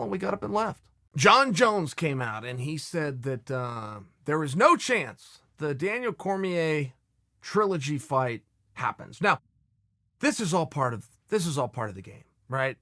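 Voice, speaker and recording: A man's voice: high voice, sharp tone, dry recording, studio quality. A man hosting a podcast, telling a wry story in a casual, anecdotal way. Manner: wry anecdotal storyteller who often acts out others' lines. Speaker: podcast host.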